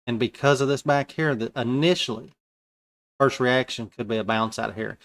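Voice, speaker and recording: A man's voice: mid-range voice, normal speed, fairly bright tone. Man thinking aloud over live trades. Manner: informal, thinking aloud with colloquial slang. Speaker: futures day trader streaming live. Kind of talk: live trading commentary.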